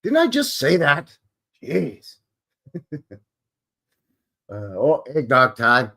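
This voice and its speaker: A man's voice: fairly high pitch, wildly swooping pitch, drawn-out words, vocal fry. A man from Canada hosting a casual live stream, rambling and joking with his chat. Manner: rambling, jokey, chuckles to himself. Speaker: livestream host.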